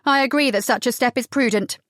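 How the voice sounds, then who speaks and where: A woman voicing a composed, sensible woman who speaks calmly and evenly. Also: on the high side, fairly quick, no room sound, studio quality, natural voice. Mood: measured.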